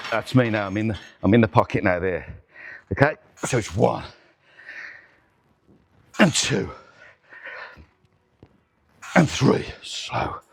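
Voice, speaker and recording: A middle-aged man hosting a workout demonstration vlog in a gym, counting reps aloud and swearing and groaning as he strains through sets. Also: on the low side. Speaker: gym owner and host. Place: indoor gym.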